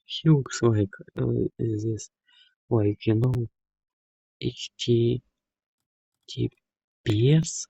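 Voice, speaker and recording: A man gives slow, unhurried commentary over a game he is playing. His voice is gravelly and husky, with a darker tone, and he swears freely. The recording is dull and lo-fi. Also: mid-range voice, mellow, no echo. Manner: swears a lot, non-native phrasing. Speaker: gamer. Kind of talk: casual gameplay commentary.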